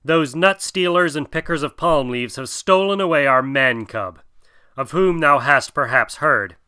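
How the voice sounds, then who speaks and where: A man's voice: fairly high pitch, a little slow, bright, forceful tone, smooth, no echo. A man voicing a proud, sly black panther in a storybook reading, clipped and dry. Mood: urgent.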